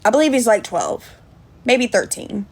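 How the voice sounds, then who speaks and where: A woman's voice: fairly high pitch, animated, moderate pace. A woman chatting on a livestream, indignant, thanking viewers by name. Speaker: livestream host. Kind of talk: casual livestream chat.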